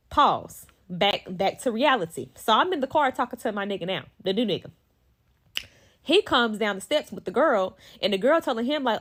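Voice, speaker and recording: A woman telling a story casually and dramatically, animated and full of swearing. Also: medium pitch, moderate pace. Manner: animated, profane, dramatic retelling.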